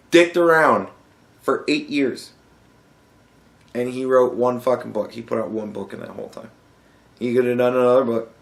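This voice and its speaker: Sarcastic and endlessly profane, a young man rants on his podcast in a lowish, gravelly voice. The room he records in is echoey.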